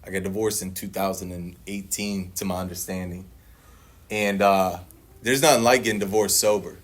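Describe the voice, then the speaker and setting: A low-pitched man speaking at a moderate pace tells a meeting audience how he got into recovery, turning it into a profane, jokey story. Frequent laughter breaks in, and he quotes his past self in a livelier tone.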